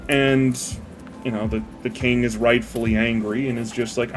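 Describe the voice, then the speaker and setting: A man talks in a loose, rambling way as he works on a build, dropping curse words and drifting off mid-thought. His voice sits at an ordinary middle pitch. Soft music plays faintly behind him. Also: flat delivery, moderate pace. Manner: meandering, profane, easily distracted by the build. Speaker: model builder retelling a parable. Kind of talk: casual rambling chat while building.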